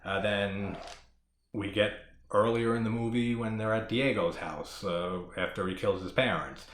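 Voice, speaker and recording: Man, low voice, casual spoiler chat, profane and rambling, echoey room. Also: unhurried, a bit bright. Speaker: horror movie podcast host.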